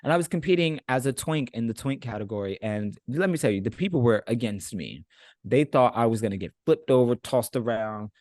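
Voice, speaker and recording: A man's voice: mid-range voice, animated, fairly quick, darkish tone, no echo. Playful man on a dry mic. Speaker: podcast guest. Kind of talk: casual podcast chat.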